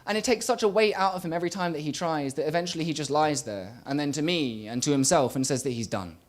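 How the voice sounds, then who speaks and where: Young male spoken word poet on a small stage; rhythmic, shifts from loud bursts to near murmurs, slightly high-pitched. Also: fast. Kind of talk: live spoken word performance. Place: small live venue stage.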